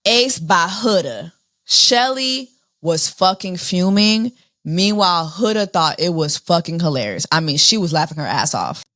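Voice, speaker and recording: A woman recaps a dating show in a loose, sassy way, her voice leaping high when excited and sinking low when fed up. She speaks slowly and takes her time. The sound is dry and close, with no room in it. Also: no room sound. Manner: animated, sassy, swings from high squeals to low weary drawl. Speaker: reality show recap host. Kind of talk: casual recap commentary.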